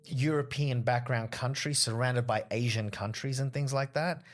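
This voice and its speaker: A man in his thirties with an Australian accent, a comedian chatting as a podcast guest and telling stories with lively acted-out quotes. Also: medium pitch, moderate pace. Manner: animated storyteller who acts out quoted people. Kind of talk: casual chat.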